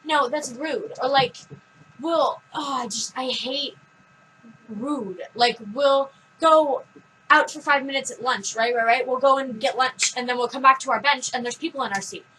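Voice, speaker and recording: A woman's voice: high-pitched, normal speed, fairly bright tone, a little hiss or hum, poor audio. A teenage girl chatting casually on a vlog, telling rambling stories in a blunt way. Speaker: vlog co-host. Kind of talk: casual chat.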